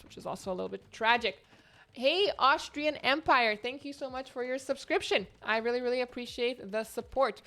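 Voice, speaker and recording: A woman hosts her own tournament and calls the action herself in a voice a touch higher than most. She talks from home into a streaming mic. Her play-by-play is chatty and excitable, full of quick exclamations. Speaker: tournament host and caster. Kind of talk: live esports play-by-play commentary. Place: home, near the internet modem.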